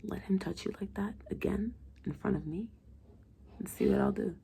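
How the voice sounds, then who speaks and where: A woman voicing a possessive, menacing young male psych patient in a whispered role-play, low and threatening. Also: huge pitch swings, normal speed, dark tone, husky, exaggerated voice.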